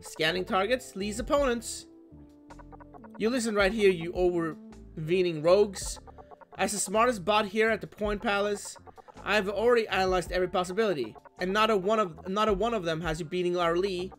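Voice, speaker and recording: Man playing a smug casino robot, sneering, condescending, high voice, faint game music. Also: fairly bright tone. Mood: taunting. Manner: sneering, drawn-out taunts.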